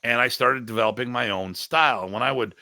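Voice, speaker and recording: A man's voice: medium pitch, fast, dry recording. A middle-aged man, a martial arts instructor, telling stories in a casual podcast discussion and often mimicking others. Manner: animated storyteller, mimics others' voices.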